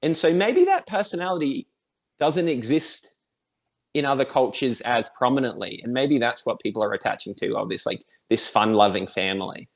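Chatty Australian man in a relaxed interview. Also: medium pitch, moderate pace, vocal fry. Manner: rambling, friendly, chuckles often. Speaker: guest. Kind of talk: casual interview chat.

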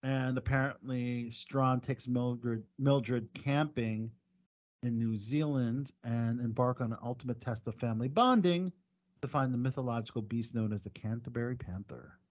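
A man's voice: mid-range voice, normal speed, muffled recording. A man hosting a casual podcast, reading movie news and rambling with many ums and restarts. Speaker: podcast host.

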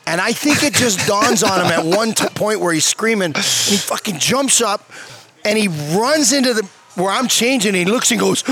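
A middle-aged man, a former hockey player, telling stories as a guest in a casual, animated, profane way, often checking in with "okay?". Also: sits high, normal speed, husky. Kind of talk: casual storytelling. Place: bar.

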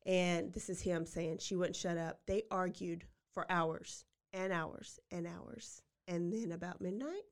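A woman's voice: lowish voice, measured pace, hardly any pauses. Chatty woman telling a true-crime story. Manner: animated, slangy, recounts the case blow by blow. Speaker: podcast co-host.

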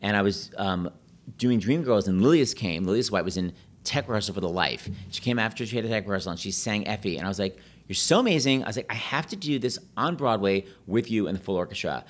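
A quick-talking middle-aged man with a fairly low voice, chatting casually. He tells his stories with lots of energy and jumps up into high, put-on voices to quote people. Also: animated. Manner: talks fast, breaks into high put-on voices when quoting people. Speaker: podcast guest, pianist and Broadway host. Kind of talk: casual chat, animated storytelling.

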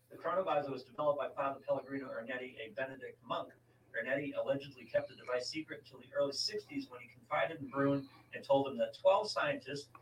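A man's voice: mid-range voice, fairly bright tone, far from the mic, a little hiss or hum. Roomy off-mic man reading notes aloud. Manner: reads aloud with asides and self-corrections. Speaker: podcast co-host reading a story. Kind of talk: casual podcast chat, reading from notes.

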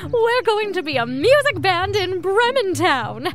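A woman's voice: very high-pitched, sing-song, a little slow, faint music behind, full character voice. A woman voicing a friendly male donkey who leads a band in a told storybook tale, bouncy and encouraging, dropping into growls on his nicknames.

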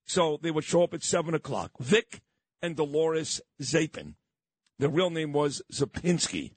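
Brooklyn radio guy, middle-aged, raspy and lively, swapping old stories. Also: fairly high pitch, measured pace, no room sound. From Brooklyn, New York. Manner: nostalgic, storytelling. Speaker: radio host. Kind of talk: casual radio chat.

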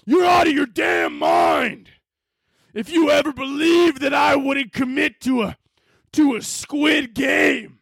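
A man putting on an overwrought male dub actor, shouting drawn-out melodramatic lines. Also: mid-range voice, creaky, slightly rough, no echo, studio quality. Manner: shouted, drawn-out, over-the-top.

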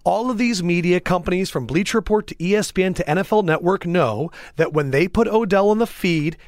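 Eager podcast host with a dry sound. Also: male voice, sits high, dry recording. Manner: eager, chatty, quick to chime in. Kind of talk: casual chat. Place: podcast studio.

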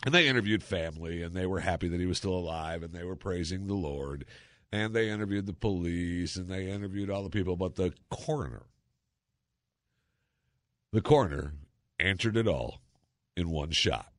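A low-pitched man rambles through a talk-show monologue with a chatty, sarcastic edge. His voice sits in a dry, close space with no room sound around it, and he peppers his talk with exclamations and wry asides. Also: lively intonation, moderate pace, no room sound. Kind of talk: casual monologue.

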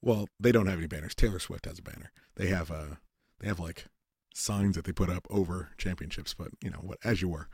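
A podcast host with a low, brisk voice and a breathy edge tells a rambling, profane story in casual chat, often quoting people in animated put-on voices. The recording is dry and studio quality.

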